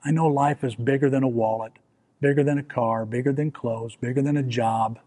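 A man's voice: mid-range voice, steady tone, brisk, mellow. A man preaching a sermon as pastor, in a conversational way, often restarting with repeated words and asking the listeners questions.

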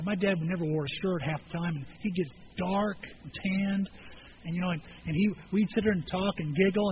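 Pastor preaching, high voice, conversational storytelling with emphatic peaks, dull lo-fi audio. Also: male voice, background noise. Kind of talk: sermon.

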